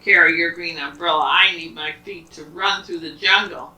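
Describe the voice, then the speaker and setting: Woman doing loud boastful tigers. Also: steady tone, normal speed. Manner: booming, boastful. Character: boastful vain male tigers, loud and threatening. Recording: roomy, from a distance.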